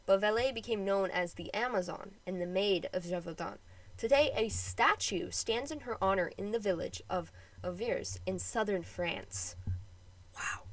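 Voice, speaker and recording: A woman's voice: mid-range voice, poor audio. A woman narrates a history episode for her own podcast, reading from a script. She keeps slipping into casual, joking asides between the read passages. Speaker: podcast host.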